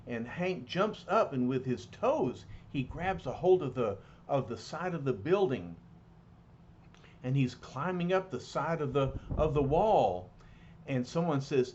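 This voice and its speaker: A man's voice: mid-range voice, expressive, unhurried, darkish tone. A man reading a comic book aloud in a hesitant way, with fillers and restarts, on a slightly dull, lightly noisy recording.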